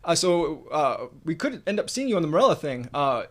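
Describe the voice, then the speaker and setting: A man from the United States co-hosts a casual livestream chat, with a slightly high voice. He tells stories in an easygoing, joking way. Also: very animated, brisk, a bit bright. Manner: easygoing, joking storyteller, reads viewer comments. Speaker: co-host.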